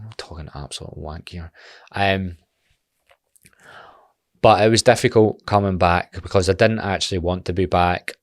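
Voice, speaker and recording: A man's voice: deep voice, no echo, clean studio sound. A Scottish man in his twenties talking bluntly and animatedly in a casual podcast monologue, swearing freely. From Scotland. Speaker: podcast host.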